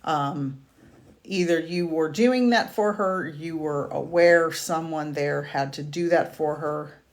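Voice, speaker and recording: Slow, soft-spoken woman medium. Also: sits low. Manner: slow, soft-spoken, halting with fillers and restarts; emotional, tearful at moments. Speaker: psychic medium. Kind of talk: live-streamed reading. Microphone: video call or stream mic.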